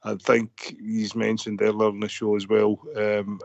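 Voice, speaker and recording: A man's voice: lowish voice, monotone, unhurried, vocal fry, a little mellow, no echo. A Scottish man calling a fan radio phone-in, talking in a frustrated, rambling way with many restarts, over a muffled line. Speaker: caller.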